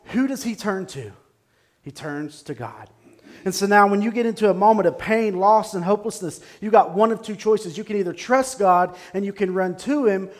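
Guy pastor preaching sunday sermon, kinda high voice, hammers the same lines over and over. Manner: emphatic, repeats key phrases.

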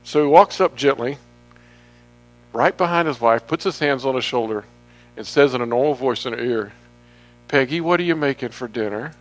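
A man's voice: mid-range voice, normal speed, long pauses, faint music behind. A man giving a casual sermon from slides, chatty and joking, drifting off topic now and then. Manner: chatty, jokey, wanders off topic. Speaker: pastor.

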